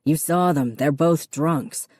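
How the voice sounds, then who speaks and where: A woman's voice: deep voice, slow, darkish tone, breathy edge, dry recording, clean studio sound, heavily acted. A woman reading a harsh, curt father. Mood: lecturing. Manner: curt, snapping, dismissive. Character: harsh stern wealthy father, middle-aged man. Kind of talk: audiobook character reading.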